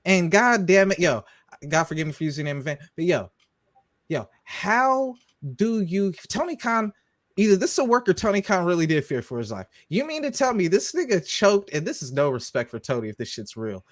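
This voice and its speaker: A man co-hosting a podcast, talking wrestling in an animated, profane, emphatic way. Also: high voice, a little fast, no echo, studio quality. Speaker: podcast co-host. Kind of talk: casual wrestling chat.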